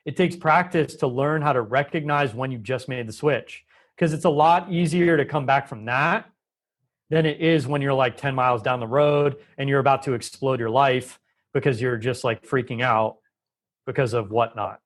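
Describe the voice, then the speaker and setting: A man's voice: medium pitch, normal speed. Emphatic man explaining health topics. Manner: emphatic, explanatory, shifts pace often. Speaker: Ayurvedic doctor, guest. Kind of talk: conversational interview.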